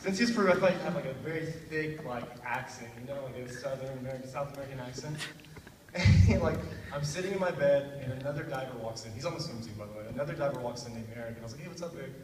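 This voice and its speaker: A man's voice: medium pitch, fast, over a noisy crowd. A young man doing stand-up comedy, telling a rambling story and laughing at his own jokes. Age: young adult. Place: hall at a talent show. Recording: echoey hall from far off.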